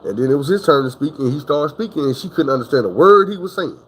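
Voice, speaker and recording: A man's voice: a little high, lively intonation, fast, a bit bright, husky, low-quality recording. A man telling a story in a casual, profane, rambling way.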